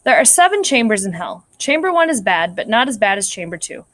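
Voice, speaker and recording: A woman narrating a story in a clear, measured read-aloud style. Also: medium pitch, very animated, fairly bright tone, no echo.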